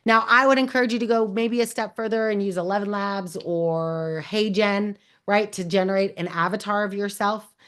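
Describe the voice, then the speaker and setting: A woman's voice: medium pitch, moderate pace, few pauses, clear, resonant tone. A woman hosting a Q&A, giving upbeat, encouraging advice straight to her audience and calling out to them. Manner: energetic, encouraging, calls out to the audience. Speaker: host. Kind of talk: Q&A advice talk.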